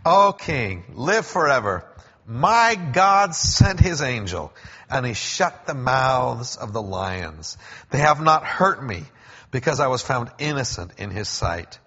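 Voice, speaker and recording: A man voicing a faithful prophet who earnestly answers a king, speaking a little higher and louder than his own voice. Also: sing-song, takes it slowly, slightly rough, exaggerated voice. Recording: echoey hall, dull lo-fi sound.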